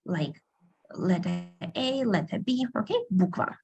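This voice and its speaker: A woman teaching an online beginner language class, patiently repeating words slowly over a video call. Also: fairly low pitch, expressive, vocal fry, a little mellow, husky, faint music behind.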